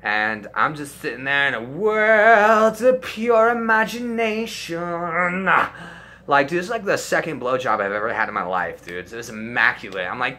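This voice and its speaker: A man's voice: fairly high pitch, lively intonation, moderate pace, bright, forceful tone. A young man telling a crude, profanity-heavy story in a casual storytime video. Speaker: storytime YouTuber.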